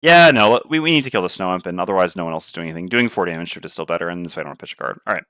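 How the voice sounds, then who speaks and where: A man's voice: sits low, animated, racing, a bit bright, no echo, clean studio sound. A man playing a tabletop board game on stream, thinking aloud and weighing his moves. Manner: muttering, weighing options aloud.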